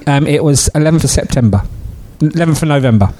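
A man co-hosting a casual chat podcast. He talks on the higher side and his pitch swings a lot as he spins a story. He acts out the voices of the people in it. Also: lively intonation, fast, warm tone. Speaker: podcast co-host.

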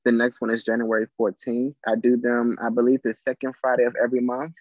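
A man chats as a comedian guest, animated and joking, dropping "you know" constantly. His voice sits at an ordinary pitch. The recording is dull and lo-fi, with a dry, close sound. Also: quick pace, no room sound. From Trinidad and Tobago. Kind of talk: casual interview chat.

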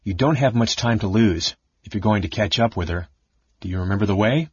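A fierce young woman speaks grimly and bosses others around, as a man voices her. The voice is lifted above his own and slightly husky. The recording sounds dry and somewhat muffled. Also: on the low side, brisk, no echo. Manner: grim, commanding, exasperated.

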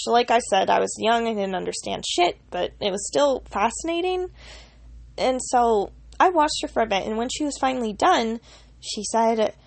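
Creaky-voiced young woman telling a story. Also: a little high, measured pace, no room sound. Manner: rambling, with frequent restarts and "like" fillers. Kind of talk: casual personal storytelling.

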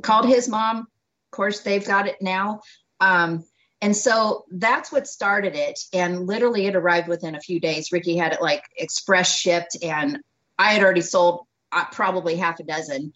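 A woman doctor, appearing as an interview guest, tells her story in an animated way, laughing often and acting out each exchange of dialogue. Her voice is slightly low, and the audio is dull and lo-fi.

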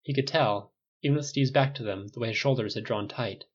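A man reading a story aloud in steady, even narration, on a dull lo-fi recording. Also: mid-range voice, a little fast, slightly rough. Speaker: reader. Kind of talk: audiobook narration of fan fiction.

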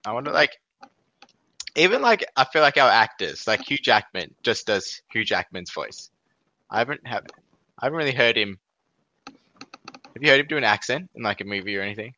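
A man's voice: mid-range voice, animated, normal speed, long pauses, pushed and bright, dry recording, highs cut off. A young Australian man co-hosting a podcast, chatting casually and rambling with lots of fillers and laughs. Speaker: podcast co-host. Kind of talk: casual chat.

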